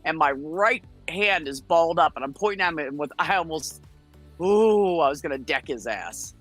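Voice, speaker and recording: A woman from the United States, a guest on a chat show, telling a story in a blunt, profane and animated way. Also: sits low, normal speed, soft background music.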